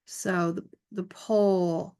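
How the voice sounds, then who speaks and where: A woman's voice: on the low side, steady tone, extremely slow, warm tone, smooth. A woman hosting a live video-call session as an art career mentor, chatting upbeat with viewers and greeting them by name. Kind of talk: live-stream chat with viewers.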